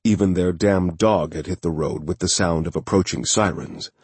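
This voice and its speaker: A man narrating a thriller audiobook in a steady, measured way. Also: low voice, slightly rough, dry recording.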